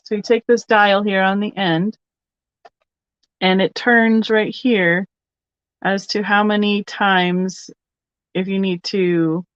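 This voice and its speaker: A woman's voice: medium pitch, no echo. A woman hosting a live online vintage sale, chatting casually and thinking aloud as she shows items and takes bids. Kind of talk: casual live auction chat. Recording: slightly dull, lo-fi sound.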